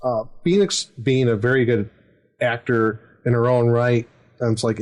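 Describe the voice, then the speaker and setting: Chuckling and using lots of fillers, this middle-aged man hosts a podcast and wanders through a story about running a tabletop game as its game master. His voice is mid-range, unhurried and a little mellow.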